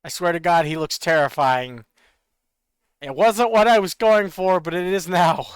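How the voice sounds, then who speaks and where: A man streaming a video game, chattering and joking excitably as he plays. His voice sits high and sounds smooth and clear. The sound is dry and close. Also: a little slow, no room sound. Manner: excitable, joking, laughs often. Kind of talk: casual gameplay commentary.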